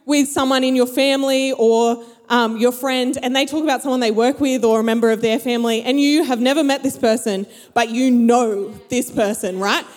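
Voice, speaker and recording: A woman's voice: fairly high pitch, steady tone, normal speed, hardly any pauses, a little mellow. A young adult woman, telling a story to a live audience and acting out her friends' voices. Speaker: speaker. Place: large hall with an audience. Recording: long hall reverb.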